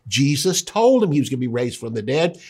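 A man's voice: medium pitch, sing-song, a little fast, darkish tone, breathy edge. A man teaching a sermon, retelling scripture in a conversational way with emphatic asides. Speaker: Bible teacher.

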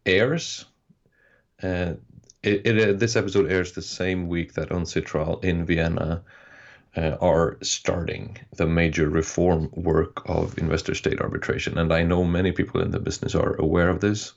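A man co-hosting a podcast in casual chat, explaining things in halting, restarting phrases. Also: sits low, flat delivery, creaky. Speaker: podcast co-host. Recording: dull lo-fi podcast audio.

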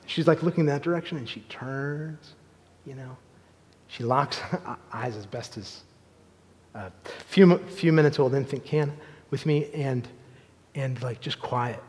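A pastor in his thirties preaching a sermon, moving between loud, emphatic appeals and soft, hushed storytelling. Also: mid-range voice, unhurried. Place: church sanctuary. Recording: long hall reverb.

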